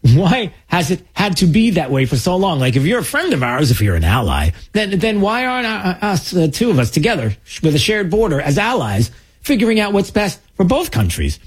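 A husky man hosting a political talk show. His voice sits a little high for a man, and he rambles with frequent restarts and a mocking edge. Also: huge pitch swings, a little fast. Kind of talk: political commentary.

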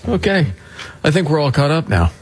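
A man's voice: fairly high pitch, very animated, normal speed. A man hosting a radio show, joking and teasing his co-hosts in casual banter. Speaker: radio host.

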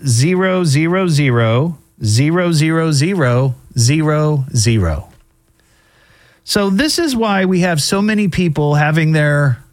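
A middle-aged man hosting a show, casually commenting on odd news stories with wry asides and frequent fillers. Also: on the high side. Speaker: host.

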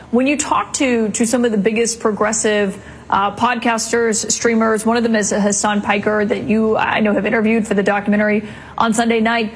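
A woman's voice: a little high, a little hiss or hum, low-quality recording. A woman news anchor posing probing questions in a composed way.

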